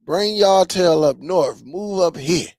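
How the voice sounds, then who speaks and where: Male stream host, unhurried and gravelly, casual slangy banter with chat, dry close sound. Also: sits high, darkish tone, no echo. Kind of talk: casual live-stream chat reading comments.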